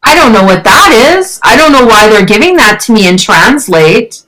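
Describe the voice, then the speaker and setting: A woman's voice: animated, moderate pace, noisy background. A woman teaching a child English in a chatty, encouraging one-on-one online lesson. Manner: encouraging, chatty, questions with rising pitch.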